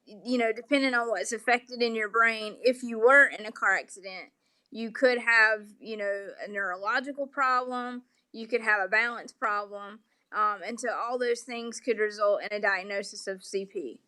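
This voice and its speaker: A woman's voice: fairly high pitch, steady tone, moderate pace, bright, forceful tone. A woman with a Southern accent, a polite guest explaining things patiently with frequent "um" fillers. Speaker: interview guest. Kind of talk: remote interview conversation.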